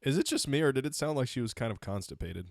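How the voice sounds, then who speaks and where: A man co-hosting a casual writing podcast, joking and teasing the others in relaxed chat. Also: medium pitch, fast, creaky, no room sound, studio quality. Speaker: podcast co-host.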